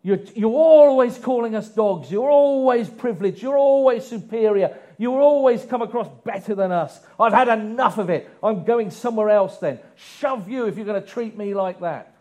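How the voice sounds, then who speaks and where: An indignant woman who is tired of being looked down on, as a male preacher puts her on. She talks in a raised, defiant, complaining voice, pitched above his own. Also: moderate pace, hardly any pauses, mellow, muffled recording, natural voice. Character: indignant foreign woman fed up with insults.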